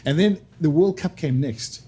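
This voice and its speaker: South african guy telling a rugby story, husky dark voice, bouncy pitch. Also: normal speed. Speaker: podcast guest, former rugby player. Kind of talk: anecdote in casual chat.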